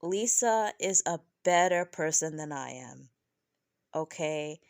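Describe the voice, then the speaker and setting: A woman reviewing a reality show in casual, opinionated talk, animated and often tagging "right?" onto her points. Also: slow pace, gravelly, clean tone, no echo, studio quality. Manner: animated, keeps asking "right?"; laughs often, mimics people in high voices.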